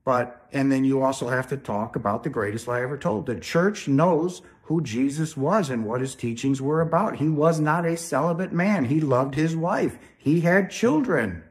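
A man's voice: on the high side, lively intonation, moderate pace, few pauses. A man talks straight to his viewers about spirituality in a loose, preachy manner. He stresses his points hard and keeps tagging sentences with "right?". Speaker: spiritual video host. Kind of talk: informal spiritual talk to camera.

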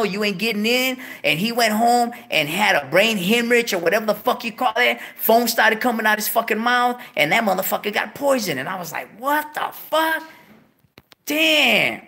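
Gravelly man telling a profane story. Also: a little fast, few pauses, bright, forceful tone. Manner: swears constantly, bursts into high yelps of disbelief. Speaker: show host.

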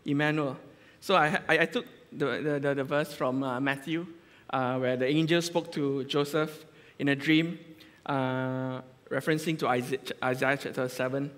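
A man's voice: medium pitch, steady tone, normal speed, fairly bright tone. A man with a Malaysian English accent preaching a casual, conversational sermon, joking and often restarting his sentences. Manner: chatty, joking, full of restarts. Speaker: lay preacher. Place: church hall. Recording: long reverb of a church hall.

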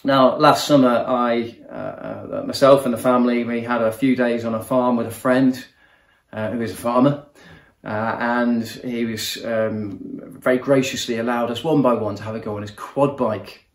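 A man gives an earnest sermon in a warm, personal manner. His voice sits at a middle pitch, and the recording carries a noticeable room echo around him. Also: steady tone, normal speed. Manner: earnest, personal, repeats words while speaking. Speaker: guest preacher.

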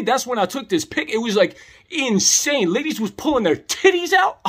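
A man's voice: high-pitched, very animated, normal speed, fairly bright tone, husky. Slangy man telling a wild story. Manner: laid-back slangy delivery, calls listener homie and dog. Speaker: comedic storyteller. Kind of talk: comedic storytelling monologue.

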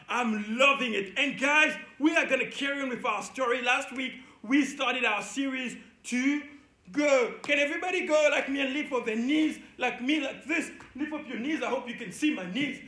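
A man teaching a children's Bible lesson indoors, energetic and playful, leading the kids in call-and-response. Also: very high voice, normal speed, reverberant, background noise. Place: indoor room.

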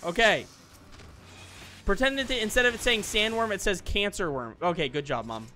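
A young man hosting a let's play, chatting casually and joking, then bursting into loud shouts. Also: high voice, animated, normal speed. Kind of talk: casual gaming chat.

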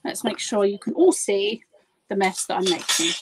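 Speaking in a mid-range voice at a moderate pace, a woman demonstrates a craft project live as a guest. She keeps up a chatty, giggly patter full of self-deprecating humor, with background noise audible behind her.

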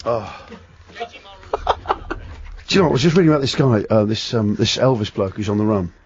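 Lively fast-talking radio host. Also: male voice, on the low side, background noise. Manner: rambling anecdote-telling, repeats and restarts. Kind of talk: casual radio chat. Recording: dull lo-fi broadcast audio.

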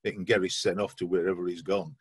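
A man chats through his club's week on a fan podcast. His voice is husky and sits in a dry, close space. He keeps a dry, self-mocking humour running. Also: deep voice, little pitch movement, quick pace, dry recording. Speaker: podcast co-host. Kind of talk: casual football podcast chat.

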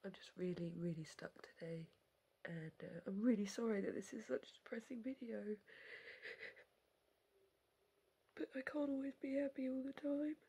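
A woman crying through a personal vlog, halting and apologetic, often breaking into a whisper. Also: fairly high pitch, mellow, breathy edge. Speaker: vlogger.

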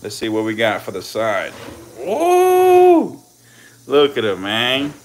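Slangy low-voiced man chatting on a live stream. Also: normal speed, sharp tone. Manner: slangy, talks to viewers and the snakes, swears. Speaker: reptile keeper streaming live. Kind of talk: casual live-stream chat. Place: indoors by snake enclosures.

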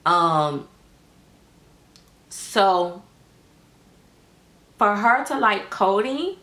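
A woman's voice: mid-range voice, animated, extremely slow, a bit bright. A middle-aged American woman chatting casually to her viewers in a sassy, direct way about her dolls. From United States. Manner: chatty, sassy, talks straight to viewers as y'all. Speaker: doll-making vlogger. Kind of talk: casual chat to camera.

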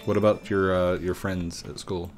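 Joking around with his son while gaming, this man hosts a video from his home desk microphone in a playful, casual chat. He has a low voice with a level tone and a moderate pace, and faint music plays behind him.

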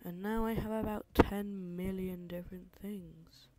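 A young woman streams a game, playing level requests and reacting with exasperation while chatting with her viewers in casual live-stream commentary. Her medium-pitched voice stays steady, unhurried and mellow.

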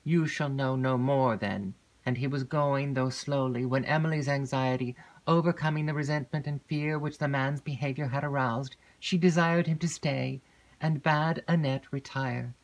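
A woman narrating a classic gothic novel in a measured, even audiobook reading. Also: a bass voice. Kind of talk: scripted narration.

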